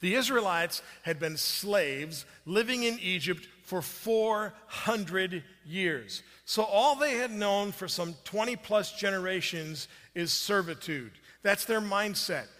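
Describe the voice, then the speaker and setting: A man's voice: high-pitched, lively intonation, slow pace, hardly any pauses, sharp tone, big-room sound. A man preaching a sermon, telling a story in a conversational way with restarts and fillers. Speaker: pastor.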